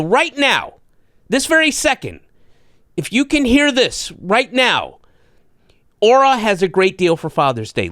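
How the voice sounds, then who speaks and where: A man's voice: a little high, a bit bright, dry recording, clean studio sound. Playful man hamming up podcast ads. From Atlanta. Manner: jokey, playful ad reads with sudden voice jumps. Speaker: podcast host. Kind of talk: ad read and casual interview chat.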